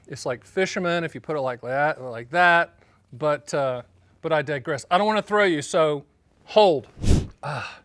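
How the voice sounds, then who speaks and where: A man from North Carolina hosting his own show as an annuity agent, talking straight to camera in an energetic, joking, emphatic way. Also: a little high, no room sound. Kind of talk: casual direct-to-camera explainer.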